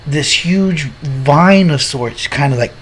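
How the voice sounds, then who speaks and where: A man's voice: fairly high pitch, slow, a little hiss or hum. A man co-hosting a podcast, reviewing a film in casual, rambling chat and often restarting his sentences. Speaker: podcast co-host.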